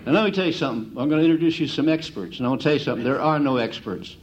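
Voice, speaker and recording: Folksy, animated middle-aged man lecturing. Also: on the high side, racing, highs cut off. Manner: animated storyteller, mimics racetrack gamblers. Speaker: handicapping instructor.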